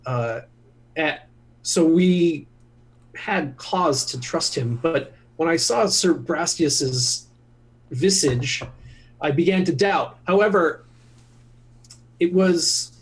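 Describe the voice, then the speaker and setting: A man's voice: a little high, takes it slowly, pauses often, low-quality recording. A man speaking as his knight character in a tabletop game, formal and hesitant. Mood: earnest. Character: Sir Hrethric, earnest young male knight.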